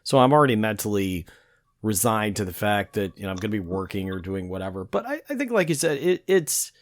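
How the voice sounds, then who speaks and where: A man's voice: on the low side, sing-song, a little fast, no echo. A man in his fifties, a podcast host, chatting casually and thinking aloud in a reflective way. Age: 50s. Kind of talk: casual interview chat.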